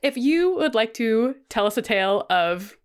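A woman co-hosts a literary podcast, explaining a passage and reading quotes aloud in casual literary discussion. Her voice is a little high, animated, and smooth, at normal speed.

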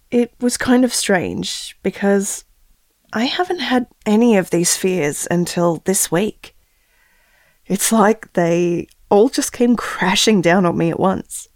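A woman's voice: medium pitch, darkish tone, no echo, studio quality. A woman playing an anxious mother-to-be. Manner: tender, confiding. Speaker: expectant mother talking to her unborn baby. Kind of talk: audio drama acting.

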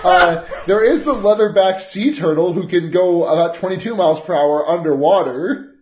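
A man co-hosting a podcast in casual chat, teasing and quick with jokes. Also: sits high, heavy background noise. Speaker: podcast co-host.

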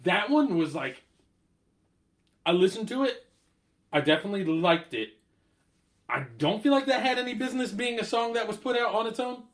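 A man's voice: sits high, lively intonation, normal speed, pauses often. A man co-hosting a casual music chat, rambling with many fillers and some swearing. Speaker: podcast co-host.

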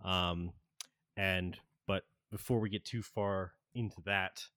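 A man with a lowish voice runs a tabletop game at a slow, easy pace, often laughing and stopping on fillers as he narrates. The sound is dry and close, with no room around it. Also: steady tone, fairly bright tone, clean tone, no room sound. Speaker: game master.

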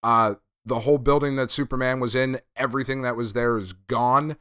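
Man, podcast host, casual profane chat, bright voice, dry close sound. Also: mid-range voice, steady tone, fairly quick, clean tone, dry recording. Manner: laid-back, profane, enthusiastic recapping. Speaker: podcast host reviewing comics.

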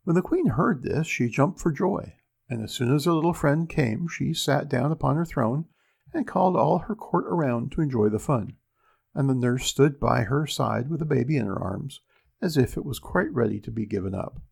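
A man reading classic fairy tales aloud in a steady, unhurried storybook narration. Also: mid-range voice, vocal fry, breathy edge.

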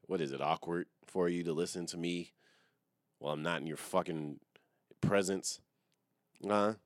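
Young male podcaster, very deep voice, dry close sound, loose profane self-mocking solo rant. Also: no echo. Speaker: podcast host. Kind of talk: casual solo podcast monologue.

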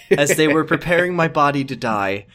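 A man co-hosting a comedy podcast, reading aloud in a mock-solemn hush and breaking into giggles. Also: on the high side, animated, normal speed. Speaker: podcast co-host.

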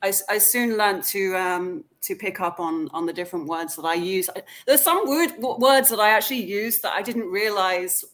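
A British woman, an actor and acting coach, chatting casually as a guest in an interview, often pausing with "like" and "um" and restarting her sentences. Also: medium pitch, a bit bright. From England. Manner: chatty, many "like" and "um" fillers, frequent restarts.

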